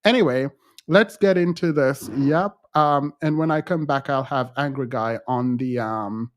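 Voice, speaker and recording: A man's voice: mid-range voice, a little slow, no room sound. A man hosting casual online commentary, ranting in an exasperated, annoyed way. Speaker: commentary host.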